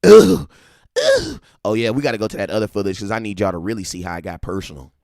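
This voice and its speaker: A man hosting a casual live-stream about football, animated and slangy, repeating himself and breaking into excited shouts. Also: fairly low pitch, very fast, no echo, studio quality. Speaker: live-stream sports talk host.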